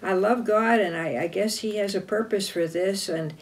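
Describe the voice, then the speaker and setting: A woman's voice: medium pitch, normal speed, recorded from a distance, natural voice. A woman voicing a young enslaved man, earnest. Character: young man sold as a slave, trusting.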